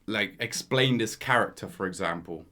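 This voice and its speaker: A man co-hosting a casual podcast, talking in an animated way, laughing often and calling his friend "mate". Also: fairly low pitch, moderate pace. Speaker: podcast co-host. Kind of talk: casual chat.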